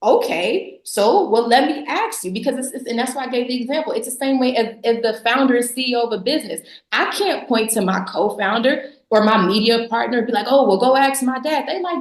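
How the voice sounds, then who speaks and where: A woman with a fairly high voice speaks bluntly and sarcastically, pressing her points with emphasis and laughing often. She talks in a casual interview. The recording has a noticeable room echo. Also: fairly quick, few pauses. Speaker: podcast guest, business founder. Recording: echoey room.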